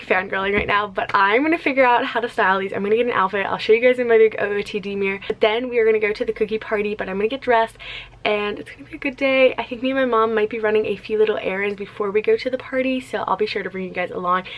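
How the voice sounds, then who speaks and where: A young woman chatting casually to camera in a vlog, bubbly and gushing, often saying "you guys" and "like". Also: mid-range voice. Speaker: vlogger.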